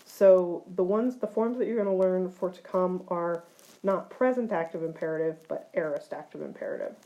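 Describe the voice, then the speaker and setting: Woman calmly explaining grammar in a mellow voice. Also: fairly low pitch, normal speed, highs cut off. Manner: clear, methodical explaining with occasional fillers. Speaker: Greek teacher. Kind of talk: recorded grammar lecture.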